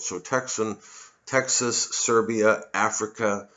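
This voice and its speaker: An American comedian from Missouri hosts his own show, delivering a rambling, profane monologue full of digressions and restarts. His voice is fairly low and fairly bright, he speaks at normal speed, and the sound is lo-fi.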